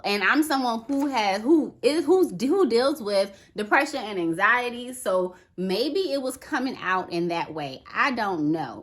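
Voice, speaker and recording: Bright, chatty woman vlogger. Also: medium pitch. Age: adult with a daughter. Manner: chatty, animated, lots of "okay" and "right". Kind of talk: casual chat to camera.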